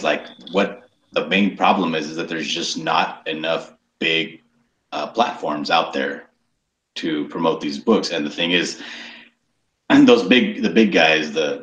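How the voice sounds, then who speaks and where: Very deep man in an echoey room. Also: fairly bright tone. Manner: earnest, measured, making a case. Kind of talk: casual group chat.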